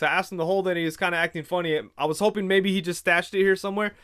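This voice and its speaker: Male livestream host, fairly high, smooth and dry-sounding, loose rambling chat. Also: little pitch movement, racing, fairly bright tone, no echo. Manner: rambling storyteller, retells conversations in quoted voices. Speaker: livestream host reading viewer comments. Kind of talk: casual chat.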